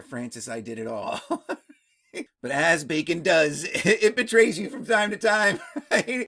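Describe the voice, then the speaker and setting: Excitable casual history explainer. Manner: tags sentences with "right?", laughs often; excitable, jumps up in pitch when amused. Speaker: history video host.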